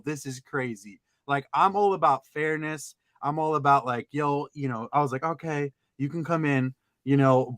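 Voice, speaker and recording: A man telling a story in casual chat, animated, acting out other people's lines in sudden high-pitched outbursts. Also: no echo. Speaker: podcast co-host.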